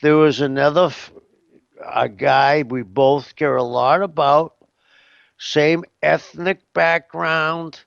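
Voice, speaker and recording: A man's voice: a little high, steady tone, slow, creaky, clear, resonant tone, dry recording, dull audio. A man giving a casual interview as a guest, rambling and hesitant, with lots of "you know what I mean.".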